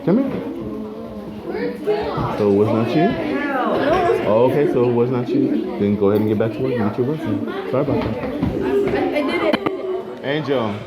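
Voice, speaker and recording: A man teaching a music class, keeping students on task with firm, brisk directions and some playful teasing. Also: medium pitch, highs cut off, over a noisy crowd. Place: school classroom. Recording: noisy classroom with students chattering.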